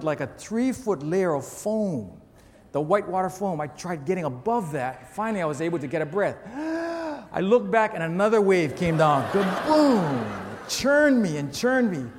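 A man with a high voice preaches a storytelling sermon, lively and poking fun at himself. His voice rings out through the long reverb of a big church hall. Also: slight background noise. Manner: animated storyteller with self-mocking humor. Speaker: pastor.

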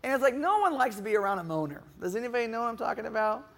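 A man's voice: very high voice, big pitch swings, rapid-fire, vocal fry, a bit bright. A middle-aged male pastor preaching a sermon, asking the congregation questions and now and then acting out a whiny moaning voice. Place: church hall. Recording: reverberant hall.

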